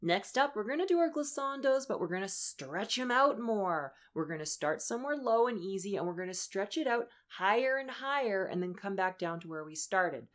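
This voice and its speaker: A young woman voice coach leading a lesson, upbeat and encouraging as she walks through breathing and vocal warm-ups. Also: mid-range voice, lively intonation, moderate pace, few pauses. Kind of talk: instructional voice lesson.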